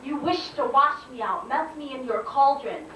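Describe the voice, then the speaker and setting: A woman's voice: sits high, moderate pace, sharp tone, far from the mic, slight background noise. A woman performing spoken word poetry live, in a rhythmic, insistent, declamatory way. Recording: echoey room, voice from afar.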